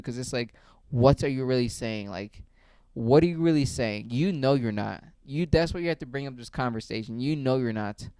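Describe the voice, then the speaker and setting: A man ranting his opinions in a heated, blunt way, swearing freely. His voice is clean and smooth, in a mid range. The sound is dry and close. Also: medium pitch, darkish tone, no echo. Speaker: video creator. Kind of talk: profane opinion rant.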